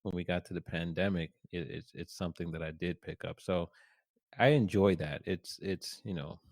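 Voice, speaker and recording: A man hosting a sports podcast in a relaxed, rambling way, with many fillers and restarts. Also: sits low, normal speed, gravelly, no echo, clean studio sound. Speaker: podcast host. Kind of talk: casual podcast chat.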